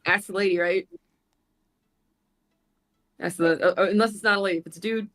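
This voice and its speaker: A woman's voice: mid-range voice, fairly even intonation, fairly quick, a bit bright. A woman playing a tabletop role-playing game, chatting casually, laughing, swearing and trailing off. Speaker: player.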